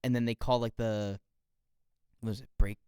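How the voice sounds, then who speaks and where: Young woman co-host; very low, smooth, dry; relaxed, rambling storyteller. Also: normal speed, no room sound. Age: young adult. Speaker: podcast co-host. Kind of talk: casual chat.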